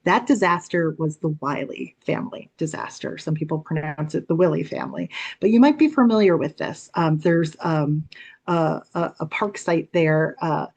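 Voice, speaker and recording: A woman with a slightly low voice presents an art history talk to an audience. She explains paintings in an easy, conversational way and often pauses on fillers as she goes. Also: darkish tone. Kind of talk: illustrated public lecture.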